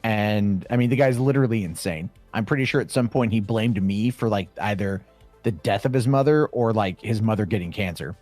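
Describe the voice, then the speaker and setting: A man's voice: lowish voice, fairly quick, a little mellow, dry recording. Male caller, casual and rambling, dry sound with faint music. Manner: rambling, restarts, swears casually. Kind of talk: casual call-in chat.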